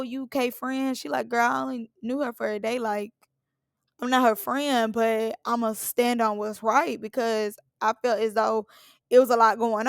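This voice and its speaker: A woman's voice: on the high side, fairly bright tone, dry recording. A woman, giving a sassy, opinionated recap of a reality show in a casual, blunt way.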